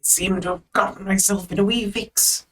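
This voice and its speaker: A man voicing a meek, tangled wooden skeleton marionette with a raspy voice. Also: high voice, steady tone, moderate pace, a bit bright, distant mic, slight background noise, pitched above the performer's own voice. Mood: meek, resigned.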